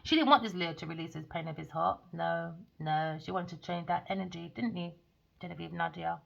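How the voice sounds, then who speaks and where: Woman doing a tarot reading, gravelly, sneering, keeps saying darling, loud then quiet. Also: fairly low pitch, brisk, highs cut off. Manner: scornful, insulting, theatrical, jumps between sudden loud bursts and mutters; calls people darling mockingly. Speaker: tarot reader. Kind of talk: rambling tarot reading monologue.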